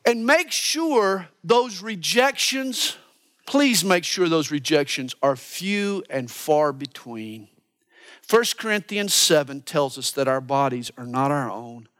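A man preaching a sermon as a pastor, animated and earnest, dropping to hushed asides for emphasis. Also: a little high, slow. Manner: animated preaching, mimics voices for quotes.

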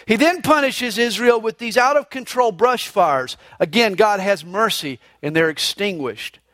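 A male pastor preaching a sermon with emphatic, animated delivery and a lighthearted story. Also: high voice, measured pace, no echo, studio quality. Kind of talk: sermon with humorous anecdote.

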